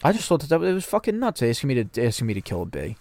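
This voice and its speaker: A man's voice: medium pitch, huge pitch swings, rapid-fire, darkish tone, no room sound, studio quality. A man co-hosting a podcast, telling a rambling anecdote in casual chat and swearing a lot. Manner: rambling storytelling, frequent swearing. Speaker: podcast co-host.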